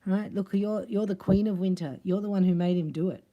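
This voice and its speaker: A woman giving a casual spiritual tarot reading, chatty and quick to laugh. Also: medium pitch, fairly even intonation, dull audio. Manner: chatty, laughs often, acts out other voices. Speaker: tarot reader.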